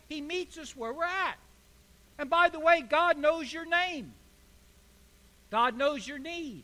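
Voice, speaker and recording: A man's voice: extremely high pitch, bright, forceful tone. A man preaching a sermon as pastor, building to emphatic bursts. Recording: echoey hall.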